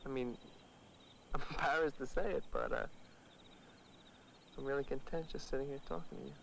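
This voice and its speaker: An actor playing a shy young man courting a woman on a porch, soft-spoken and bashful. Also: medium pitch, moderate pace, creaky, a little hiss or hum. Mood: tender. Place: outdoors on a porch.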